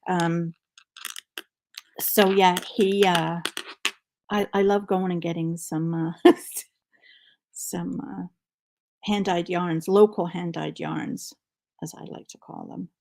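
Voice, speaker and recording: A woman's voice: fairly low pitch, fairly even intonation, slow pace, gravelly, pauses often, darkish tone. A middle-aged woman hosting a knitting livestream, telling a rambling story in casual chat and counting stitches aloud.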